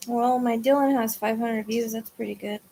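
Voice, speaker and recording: Woman, tired and drained, rambling livestream chat, somewhat high voice, trailing off. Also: fairly even intonation, normal speed, mellow, a little hiss or hum. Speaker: psychic livestream host. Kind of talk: casual livestream chat with viewers.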